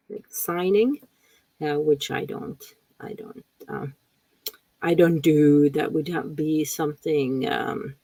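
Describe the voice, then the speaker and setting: Slow, gravelly-voiced woman teaching a webinar. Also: lowish voice, no echo, low-quality recording. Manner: relaxed, repeats words often, reads chat questions aloud. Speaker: ESL teacher trainer. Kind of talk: live webinar talk. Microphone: computer mic on a video call.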